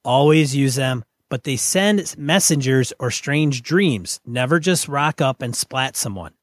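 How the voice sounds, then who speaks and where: A man co-hosting a casual podcast, reading listener mail and giving measured, opinionated takes. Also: mid-range voice, animated, dry recording, clean studio sound. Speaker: podcast co-host.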